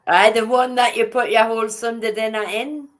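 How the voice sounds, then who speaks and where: A woman's voice: fairly high pitch, steady tone, moderate pace. A woman with a Geordie accent chatting casually on a live stream, teasing, asking questions and greeting viewers. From Newcastle, England.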